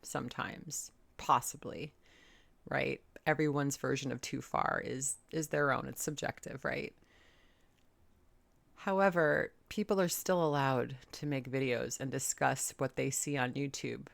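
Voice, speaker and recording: A woman's voice: rumbling low, unhurried, vocal fry, no echo. A woman hosting a reaction video, giving blunt, exasperated commentary and swearing casually. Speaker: commentary host.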